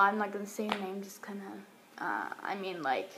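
A woman's voice: mid-range voice, sing-song, brisk, background noise. A young woman telling a casual storytime vlog at home into a phone, rambling along with lots of "like" and "um". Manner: rambling, full of fillers like "like" and "um", laughs now and then. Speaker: vlogger. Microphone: phone or webcam.

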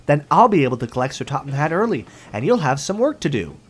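A cheerful, helpful little engine, as a man voices him for a storybook, friendly and brisk, his voice a touch raised and eager. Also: on the high side, big pitch swings, a little hiss or hum, pitched above the performer's own voice.

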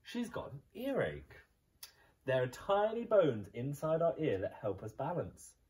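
A male teacher voicing a sensible dog doctor who patiently explains and gently scolds, in a storybook reading. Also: a little high, huge pitch swings, unhurried, far from the mic, pitched above the performer's own voice. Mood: explaining.

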